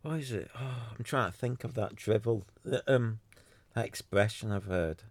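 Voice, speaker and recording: Gravelly man ranting sarcastically. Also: lowish voice, normal speed, dry recording. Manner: exasperated, sarcastic, mocks others in put-on voices; rambling with many restarts. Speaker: podcaster running a free website. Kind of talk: solo podcast rant.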